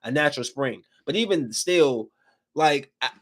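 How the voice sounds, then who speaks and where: A podcast host with a medium-pitched voice speaks unhurriedly over slight background noise, rambling through a recap of a movie. His casual chat is animated and emphatic in its storytelling.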